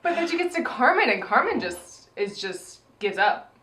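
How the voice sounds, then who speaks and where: A woman's voice: on the high side, very animated, moderate pace, a bit bright. A woman co-hosting a casual chat about a TV episode, acting out quotes in playful voices. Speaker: podcast co-host. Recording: echoey room.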